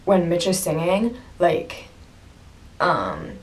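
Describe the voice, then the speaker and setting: A woman's voice: on the low side, sing-song, drawn-out words. A young woman vlogging to camera at home, gushing and breathless as she tells a story, with bursts of laughter and sudden drops to a whisper. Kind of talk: casual excited storytelling to camera.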